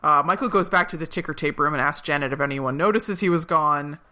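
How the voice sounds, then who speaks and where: A woman's voice: low-pitched, quick pace, bright, forceful tone. A woman co-hosting a podcast, chatting casually and retelling scenes with quoted lines. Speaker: podcast co-host. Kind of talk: casual recap chat.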